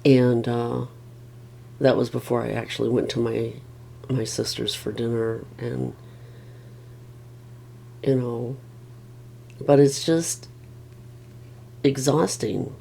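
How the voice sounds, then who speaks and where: Tired middle-aged vlogger rambling on, mellow voice with a rough edge. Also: mid-range voice, steady tone, takes it slowly, long pauses. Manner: rambling, weary, with restarts. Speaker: family caregiver. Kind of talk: casual rambling vlog.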